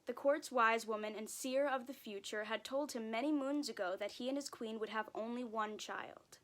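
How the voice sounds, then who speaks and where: A woman reading a children's picture book aloud, gentle and expressive. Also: on the high side, normal speed. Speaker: storybook reader.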